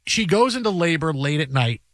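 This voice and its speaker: A man in his forties hosting a sports radio show, chatting and telling a story with lively acted-out quotes. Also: on the high side, a little fast, no room sound, clean studio sound. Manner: animated, acts out voices when telling a story. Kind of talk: casual sports talk and storytelling.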